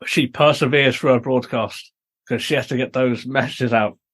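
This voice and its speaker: A man's voice: mid-range voice, steady tone, normal speed, fairly bright tone, slightly rough. A British man hosting a podcast, explaining and recapping a story at length in casual review chat. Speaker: podcast host.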